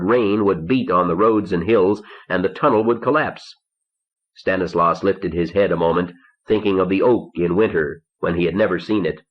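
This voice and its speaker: A man calmly narrating an audiobook, reading in a measured, deliberate way in a studio. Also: deep voice. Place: recording studio. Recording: dull lo-fi 1970s cassette recording.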